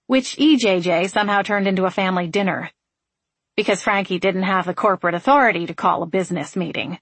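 A woman narrating an audiobook in an even, wry storytelling manner. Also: medium pitch, brisk, dry recording.

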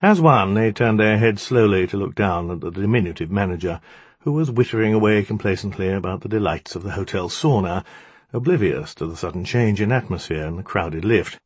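Man, audiobook narration, wry, lively pitch, low voice. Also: a little fast, breathy edge, no room sound. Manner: wry, dramatic storytelling. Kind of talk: scripted narration.

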